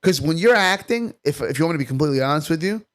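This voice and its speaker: A man's voice: on the high side, animated, a bit bright. A man from Staten Island, a comedian guest telling stories in casual, profane chat. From Staten Island, New York. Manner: profane, rapid storytelling.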